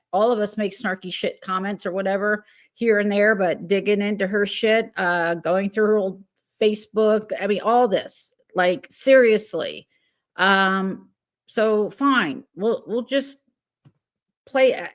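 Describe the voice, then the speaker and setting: A woman hosting a casual livestream, greeting viewers by name and giggling, then rambling with many fillers. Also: medium pitch. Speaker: livestream host.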